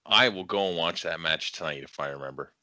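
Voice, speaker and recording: Very deep bright-toned man, laid-back. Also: fairly quick, no room sound. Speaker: podcast co-host. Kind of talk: casual chat.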